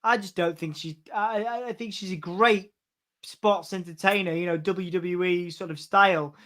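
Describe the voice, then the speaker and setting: A man's voice: sits high, steady tone, sharp tone. A man co-hosting a casual wrestling watch-along, stammering into restarts and calling the moves as they happen. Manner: stammering restarts, quick play-by-play calls. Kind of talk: casual chat with live commentary.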